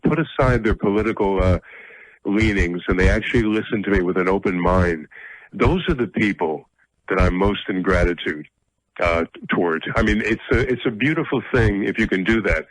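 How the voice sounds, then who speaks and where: A man's voice: sits low, no echo, low-quality recording. A middle-aged man hosting a radio talk show, speaking bluntly and combatively, with a self-deprecating edge.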